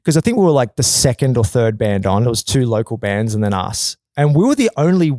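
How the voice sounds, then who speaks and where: Animated storytelling man, dry close mic. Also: brisk, no room sound. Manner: animated, swearing, jumps into loud high put-on quotes. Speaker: podcast guest. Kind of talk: casual storytelling chat.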